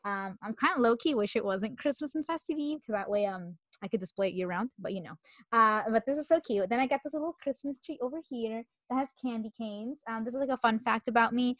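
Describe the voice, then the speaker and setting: A woman's voice: on the high side, fast, no room sound, studio quality. A woman co-hosting a podcast in casual, rambling chat, sniffling from a cold. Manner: chatty, rambling, giggly. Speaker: podcast co-host.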